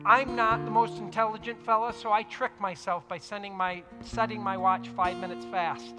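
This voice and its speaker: A man preaching a sermon earnestly, repeating key phrases for emphasis and dropping into soft, reflective tones. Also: high voice, moderate pace, hardly any pauses, in a large hall. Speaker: pastor. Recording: music playing underneath.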